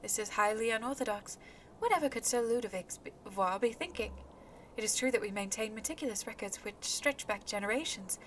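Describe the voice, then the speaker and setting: A woman's voice: fairly high pitch, brisk, a little hiss or hum, natural voice. A woman reading out a prim, suspicious astrologian in her own plain voice. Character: fussy, suspicious record-keeping astrologian.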